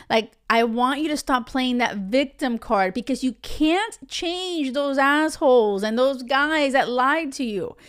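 A woman's voice: high voice, clear, resonant tone. A woman hosting a podcast who gives dating advice in a blunt, emphatic way, swearing freely and talking straight to her listeners. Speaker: podcast host.

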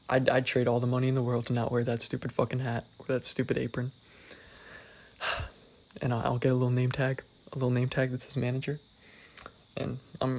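A young man talks through a loose solo podcast, wandering from thought to thought and poking fun at himself with a dry, wry edge. His mid-pitched voice carries a gravelly fry. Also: flat delivery, moderate pace, pauses often. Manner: rambling, self-deprecating, wry. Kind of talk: casual solo podcast monologue.

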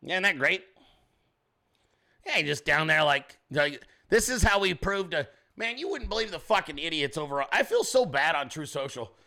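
A man hosts his own show, talking straight to his chat viewers in brash, crude, rambling casual commentary. His voice runs on the high side, sing-song and sharp, at a moderate pace.

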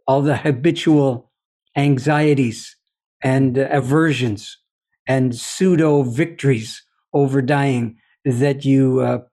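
A man speaking as a podcast guest, talking in a deliberate, philosophical way and telling stories, often checking in with "you see?". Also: mid-range voice, a little mellow. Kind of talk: reflective conversational storytelling.

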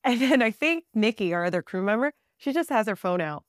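A woman guest on a podcast, telling a trip story in a casual, animated way with fillers and bursts of laughter. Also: fairly high pitch, brisk, no echo, clean studio sound. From Southern California.

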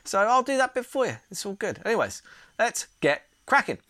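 A young man rattles through a casual fight preview, chatty and opinionated. His voice sits a little high, and the sound is dry and close. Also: very animated, a little fast, pushed and bright, no echo. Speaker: MMA channel host.

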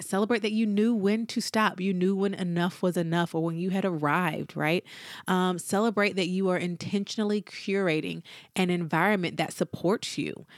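A woman hosting a solo motivational podcast, talking in an encouraging way and slowing down to stress her points. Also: lowish voice, dry recording, clean studio sound. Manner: encouraging, slows down for emphasis. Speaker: podcast host.

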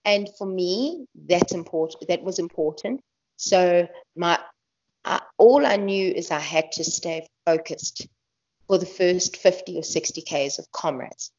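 A woman talks freely in an interview, lower-pitched than most women, and she laughs often and restarts her sentences. The audio is muffled and lo-fi. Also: unhurried, a little mellow. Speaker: guest ultramarathon runner. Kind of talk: casual interview talk. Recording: dull lo-fi podcast audio.

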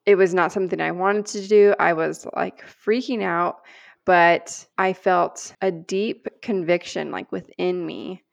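A woman co-hosting a podcast, telling a personal story in an animated, earnest way and acting out the lines she quotes. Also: fairly low pitch, measured pace, vocal fry. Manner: animated storyteller, acts out quoted prayers and dialogue; earnest and heartfelt. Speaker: podcast co-host.

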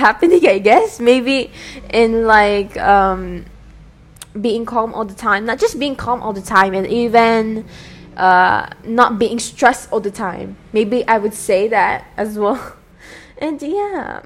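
A young woman hosting her own podcast, chatting in an earnest, rambling way with many fillers and restarts, her British accent put on over an American-style base. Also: mid-range voice. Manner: earnest, soft-spoken, with frequent light laughs. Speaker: podcast host. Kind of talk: casual solo podcast talk.

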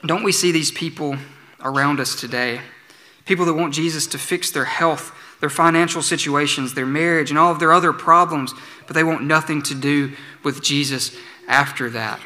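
A man preaching a sermon as pastor, earnest, slowing for emphatic pleas. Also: a little high, pushed and bright. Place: church sanctuary. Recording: church sanctuary with long reverb.

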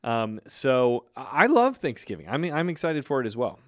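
A man co-hosting a casual podcast, upbeat and animated, laughing often. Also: mid-range voice, moderate pace, no echo, clean studio sound. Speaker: podcast co-host. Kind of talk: casual chat.

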